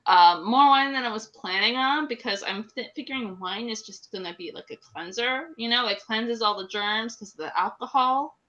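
A woman's voice: a little high, normal speed, hardly any pauses, sharp tone, highs cut off. A woman co-hosting a casual chat show, fighting a cold and telling stories in a playful, chatty way. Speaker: podcast co-host.

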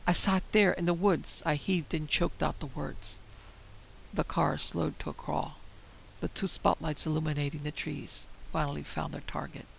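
A man tells a first-person horror story in a heavily gravelly, slightly high voice, keeping the telling dramatic and tense. A faint hiss sits under the recording. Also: little pitch movement, moderate pace, rough recording. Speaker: narrator.

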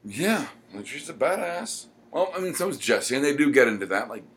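A man co-hosting a podcast, chatting casually and rambling with many pauses. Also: mid-range voice, lively intonation, a bit bright. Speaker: podcast co-host. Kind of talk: casual chat.

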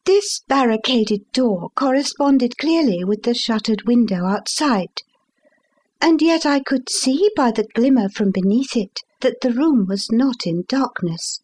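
High-voiced woman reading an audiobook. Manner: measured, expressive first-person reading. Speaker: audiobook reader. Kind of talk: scripted narration of a classic story.

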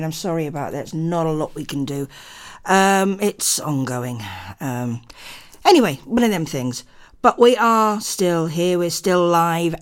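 Lively, rambling woman radio host. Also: lowish voice. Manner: rambling, chatty, apologetic asides. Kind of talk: live radio chat. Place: radio studio.

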